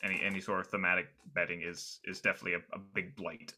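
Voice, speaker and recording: A man with a low-leaning, bright voice chats loosely about movies on a podcast. He circles his points with fillers and restarts. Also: little pitch movement, fast talker. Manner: rambling, many fillers and restarts. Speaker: podcast co-host. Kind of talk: casual film discussion.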